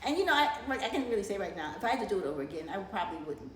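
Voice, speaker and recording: A middle-aged woman telling a family story in casual chat, talking fast and rambling, often breaking into laughter. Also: medium pitch, very animated, reverberant, slight background noise.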